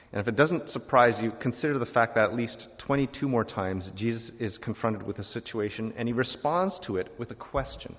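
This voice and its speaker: A man preaching a sermon, lively and wry, acting out quoted questions in different voices and adding joking asides. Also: on the low side. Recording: dull lo-fi sound with long hall reverb.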